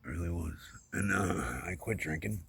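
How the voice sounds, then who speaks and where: This deep, husky male voice has vocal fry yet a fairly bright tone, and it's expressive. A middle-aged man rambles openly about his life for a personal vlog, stumbling through fillers and restarts, dropping almost to a whisper as emotion takes over.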